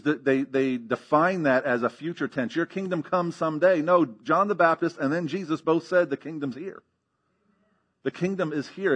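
A man's voice: fairly high pitch, a bit bright. A man preaching a sermon as pastor, teaching emphatically with rhetorical questions and frequent checks of "okay?".

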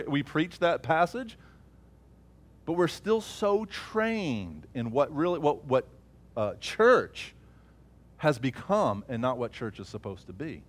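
A man preaching a sermon, swinging from loud emphatic peaks to low murmured asides.

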